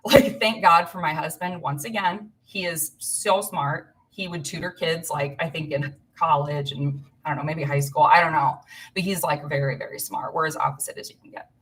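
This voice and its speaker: A woman in her thirties from Illinois is filling in as host of a casual live stream, rambling to viewers and laughing often. Her voice is deep with a fairly bright tone, and she sounds a bit far from the mic.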